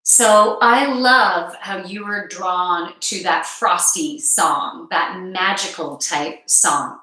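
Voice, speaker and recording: Woman card reader, slow soothing guidance, bright tone, very echoey room. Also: fairly low pitch. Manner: slow, soothing, guides breathing step by step. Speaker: card reader and meditation guide. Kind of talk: live reading session.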